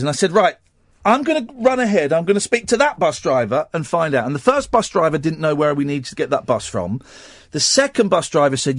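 A man hosting a radio show, telling a personal story while close to tears, halting and restarting often. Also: on the high side, no echo. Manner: halting and tearful, with many restarts. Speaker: radio host.

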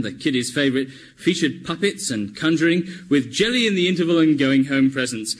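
Male comedy presenter, high lively voice, mock-earnest, brisk. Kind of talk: scripted sketch comedy. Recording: noisy vintage radio recording.

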